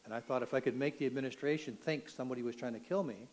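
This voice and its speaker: An older man from Canada shares his personal testimony in a mid-pitched voice. He talks earnestly and with feeling. At the dramatic moments his voice climbs until he is nearly shouting. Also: rapid-fire, rough recording. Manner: earnest, emotional storytelling, rising to near shouts at dramatic moments. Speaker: testimony speaker.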